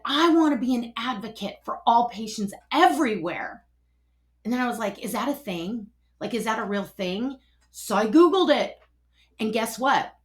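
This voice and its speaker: A middle-aged woman telling a personal story, animated and acting out both sides of each conversation. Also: fairly high pitch.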